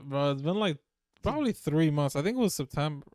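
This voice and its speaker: A man's voice: on the high side, expressive, fairly quick, a little mellow, dry recording, clean studio sound. A man co-hosting a casual podcast chat about web novels, easygoing and laughing along. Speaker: podcast co-host.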